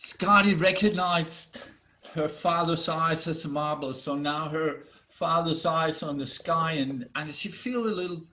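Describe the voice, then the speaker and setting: Animated male storyteller, bright and slow, halting restarts, video call. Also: fairly high pitch, poor audio. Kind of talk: myth storytelling.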